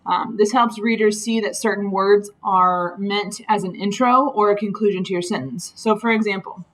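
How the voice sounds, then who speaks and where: A woman's voice: medium pitch, steady tone, normal speed, rough recording. A woman teacher talking through grammar slides in a patient, explanatory way, with frequent ums. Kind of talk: recorded slide lesson.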